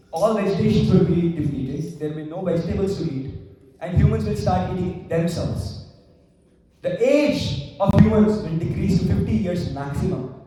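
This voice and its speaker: A man's voice: high-pitched, dark tone. A man giving a devotional class, telling a story with quoted voices and chanting Sanskrit verses. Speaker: class speaker. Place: temple hall. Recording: echoey hall from far off.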